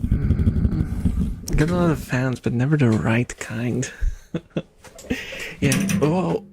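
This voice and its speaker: Slow, soft-spoken man on an ASMR livestream. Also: mid-range voice, creaky. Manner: soft, rambling, giggly chat with viewers. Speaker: ASMR streamer. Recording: loud steady background noise. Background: whirring small fan.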